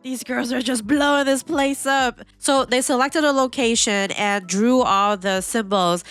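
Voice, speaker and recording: A woman hosting an anime reaction video, chatting casually and excitably, with lots of "like" fillers. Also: on the high side, unhurried, smooth, dry recording, faint music behind. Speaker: anime reaction channel host.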